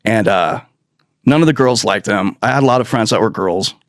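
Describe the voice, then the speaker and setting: A man's voice: fairly low pitch, moderate pace, dry recording, clean studio sound. A man hosting a podcast, delivering a profane, sarcastic political rant full of mocking mimicry. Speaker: podcast host.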